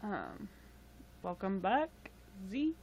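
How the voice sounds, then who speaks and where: A woman's voice: mid-range voice, huge pitch swings, extremely slow, darkish tone, highs cut off, a little hiss or hum. A young woman casually chatting on a livestream, rambling with lots of fillers and self-deprecating asides. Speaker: livestream host.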